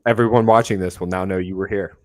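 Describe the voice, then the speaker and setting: A man's voice: deep voice, steady tone, fast. A man hosting a casual film watch-along, joking wryly and laughing often. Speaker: host.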